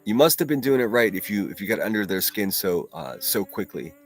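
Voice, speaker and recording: A man's voice: on the low side, expressive, brisk, soft background music. A man hosting a casual solo livestream, reading viewer comments aloud and talking bluntly with plenty of profanity. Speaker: livestream host.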